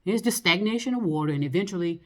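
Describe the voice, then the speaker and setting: A woman's voice: on the low side, animated, quick pace, fairly bright tone. A woman talking in a loose, rambling monologue, full of fillers, restarts and swearing. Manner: rambling, loose and profane, lots of fillers and laughs.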